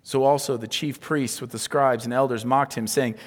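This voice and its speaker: A pastor preaching a sermon, his delivery swinging from hushed near-whispers to loud, emphatic exclamations. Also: medium pitch, steady tone, normal speed, long reverb tail.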